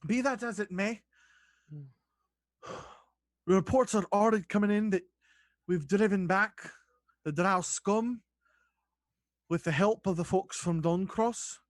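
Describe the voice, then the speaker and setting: A man voicing a composed queen who speaks in formal, measured sentences. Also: sits high, no echo. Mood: commanding. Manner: measured, stately speech.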